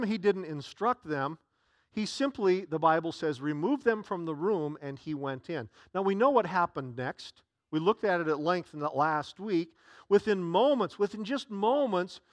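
A man's voice: high voice, fairly bright tone, dry recording, clean studio sound. A man preaching a sermon as pastor, earnest and given to repeating himself as he builds a point.

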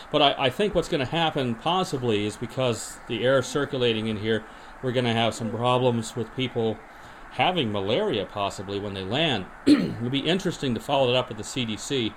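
A man hosting a podcast, deadpan and rambling with many restarts, in an improvised comedy monologue and mock interview. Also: mid-range voice, slight background noise. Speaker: podcast host.

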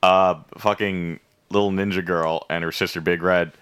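Deep-voiced, bright-toned male co-host, rambling and profane, loose casual chat. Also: level tone, normal speed, smooth. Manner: rambling, profane, playful recap with silly nicknames. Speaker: podcast co-host recapping an episode.

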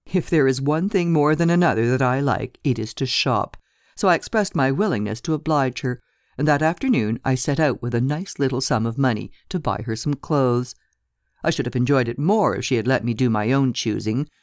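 A woman's voice: a bass voice, lively intonation, moderate pace, dry recording, clean studio sound. A woman narrator voicing a chatty, gossipy middle-aged landlady in an audiobook, rambling and talkative.

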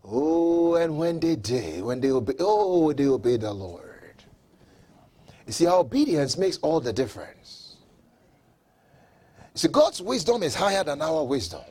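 A man preaching a sermon who acts out mocking onlookers and builds up to fervent shouting. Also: a little high, very animated, measured pace, pauses often, breathy edge.

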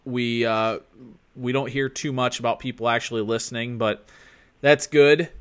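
A man's voice: mid-range voice, steady tone, normal speed, a bit bright, clear, resonant tone. A man co-hosting a casual sports podcast, rambling with many restarts and fillers. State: expecting a baby with his wife. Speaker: podcast co-host. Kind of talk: casual chat.

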